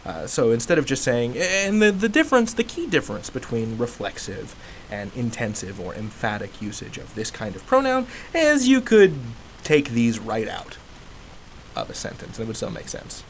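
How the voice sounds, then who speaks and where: A man's voice: medium pitch, very animated, moderate pace, a little hiss or hum, low-quality recording. A man teaching grammar in a casual educational video, chatty, acting out example sentences with emphasis.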